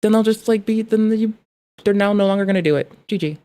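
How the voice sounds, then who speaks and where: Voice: medium pitch, quick pace. A young adult streamer ranting in casual chat, swearing often and rambling about pet training. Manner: profane, rambling, animated.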